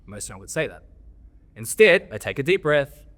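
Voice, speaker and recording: An Australian men's coach, appearing as a podcast guest, tells candid stories in a blunt coaching tone, swearing freely. His mid-range voice is sing-song and fairly bright, at a moderate pace.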